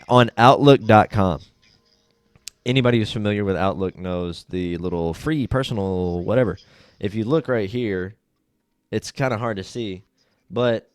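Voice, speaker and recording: A young man hosting a casual podcast, laid-back and blunt, swearing freely and getting animated when he retells stories. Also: on the low side, clean tone, dry recording, clean studio sound. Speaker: podcast host. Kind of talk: casual chat.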